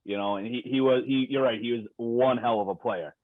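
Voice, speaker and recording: A man's voice: medium pitch, steady tone, fairly quick, dry recording. A male podcast host chatting casually and eagerly, swearing and pressing his guest for stories. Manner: eager, profane, pushes for stories. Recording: dull lo-fi recording.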